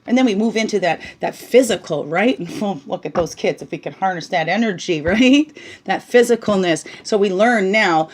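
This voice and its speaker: A woman giving a casual spiritual talk while reading oracle cards, bubbly and chatty, often tagging on "right?" and slipping into soft, hushed asides. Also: medium pitch, lively intonation, normal speed. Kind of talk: casual spiritual teaching monologue.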